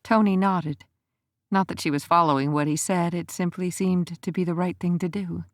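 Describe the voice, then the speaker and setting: Low-voiced woman narrating an audiobook. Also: dry recording, clean studio sound. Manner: even, measured storytelling.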